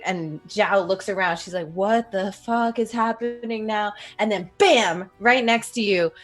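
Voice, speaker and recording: A woman's voice: mid-range voice, husky. A woman narrating a tabletop game as game master, in a loose style full of fillers.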